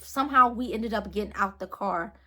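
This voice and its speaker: A woman's voice: medium pitch, a little fast, bright, forceful tone. A young woman vlogger telling a personal story in a rambling, earnest way, full of fillers and restarts. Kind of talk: storytime vlog.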